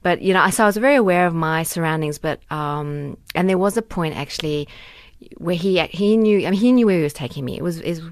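A woman's voice: lowish voice, brisk, no room sound, studio quality. A woman in her forties, a guest activist, giving candid and earnest personal testimony in conversation, with many fillers and restarts.

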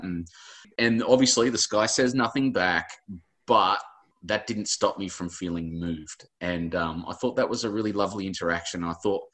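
A lower-pitched Australian man in his forties, talking as an author guest in an interview. He tells his stories earnestly and emotionally, and he rambles as he goes. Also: a bit bright. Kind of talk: interview conversation.

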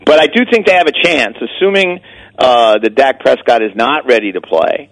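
A man's voice: medium pitch, lively intonation, moderate pace, fairly bright tone, poor audio. A man talking as a weekly guest on sports radio, in casual chat that stops and restarts often on repeated words.

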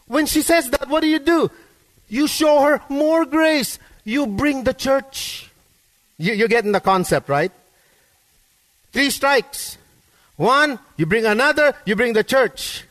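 A man's voice: expressive, slow pace, long pauses, a bit bright, long reverb tail. A man preaching a sermon as pastor, with emphatic delivery that rises and swells to stress each point. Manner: emphatic preaching, rising pitch and volume for stress.

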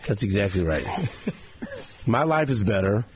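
A man's voice: fairly low pitch, very animated, normal speed, noisy background. A man hosting a sports talk radio show, wrapping up with jokey banter. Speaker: host.

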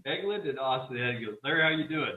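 A man's voice: medium pitch, very fast. A man hosting a radio talk show, chatty and upbeat with lots of fillers. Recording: distant, echoey, phone-like sound.

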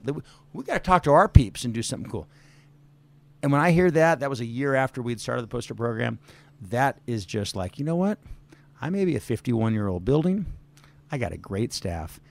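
A man's voice: medium pitch, creaky. A man in his fifties, an arena manager, speaking outspokenly and telling stories as a guest in an office. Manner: outspoken storyteller, acts out quotes. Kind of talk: casual interview chat.

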